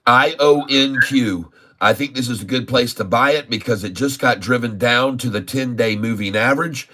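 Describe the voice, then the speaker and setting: A medium-pitched man with a pushed, bright delivery talks briskly while hosting a stock trading stream. He offers casual market talk with emphasis, says things more than once, and constantly refers to listeners as "folks."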